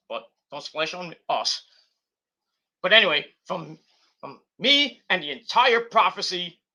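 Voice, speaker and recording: A man's voice: high voice, pushed and bright. A man hosting a wrestling review channel, signing off a video with a brash, profane rant. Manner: brash, profane trash talk. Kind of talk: ranting video sign-off.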